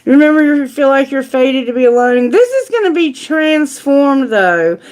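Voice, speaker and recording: A woman's voice: sits high, moderate pace, rough recording. Chatty, frank woman reading tarot. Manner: chatty, animated, frank and jokey. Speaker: tarot reader. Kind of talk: live-streamed tarot reading.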